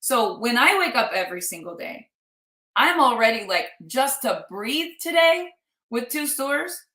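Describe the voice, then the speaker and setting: A woman's voice: a little high, pushed and bright. Emphatic middle-aged woman, echoey room. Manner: earnest, emphatic, with quoted asides. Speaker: host and business coach. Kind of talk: motivational talk to viewers.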